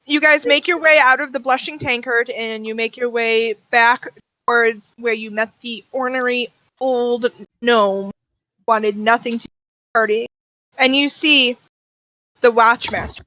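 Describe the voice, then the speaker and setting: A woman narrating as game master of a tabletop game, explaining rulings in a halting, plain way. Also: fairly high pitch, bright, forceful tone, highs cut off.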